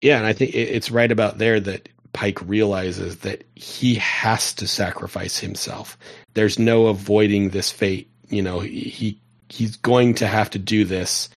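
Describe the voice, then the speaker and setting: A man's voice: lowish voice, fairly even intonation, measured pace, gravelly. A man casually recapping a TV episode with a friend, talking in loose, filler-heavy sentences. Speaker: podcast co-host. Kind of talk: casual discussion.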